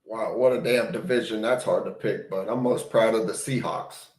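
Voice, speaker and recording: A man's voice: lowish voice, fairly even intonation, moderate pace, a little mellow. A man co-hosting a casual sports podcast, talking in a laid-back, slangy way. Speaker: podcast co-host.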